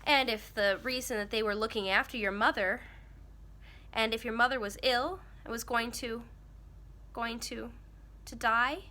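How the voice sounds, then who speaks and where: A woman's voice: fairly high pitch, fairly even intonation, unhurried, pushed and bright. Woman doing a sulky, wound-up young boy.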